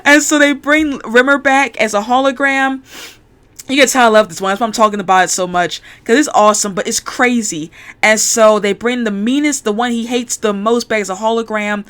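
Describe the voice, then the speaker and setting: A woman's voice: a little high, a little fast, a bit bright, clear, resonant tone. A woman chatting casually, retelling a show's plot in a rambling, enthusiastic way with many restarts. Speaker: YouTuber. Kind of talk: casual chat, show recap.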